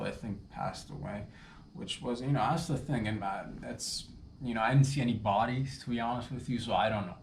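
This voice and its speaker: A man's voice: lowish voice, darkish tone, a little hiss or hum. A man riffing through a rambling, self-interrupting comic monologue in a playful tone. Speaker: comedian. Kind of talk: improvised comedic monologue. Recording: roomy echo with faint ambience.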